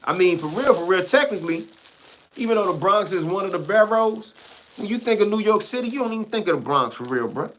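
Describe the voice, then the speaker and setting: A man from Washington, D.C., speaking with a D.C. accent, hosts a livestream and rants back at chat in blunt, heated, profane street talk. His voice sits high and sounds expressive and fairly bright, moving at a fairly quick clip. There's a little hiss or hum in the audio.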